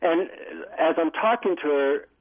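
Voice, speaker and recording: A middle-aged man, an author being interviewed, telling animated stories with many fillers. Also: fairly high pitch, measured pace. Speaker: author and guest. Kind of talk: phone interview storytelling. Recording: tinny phone line.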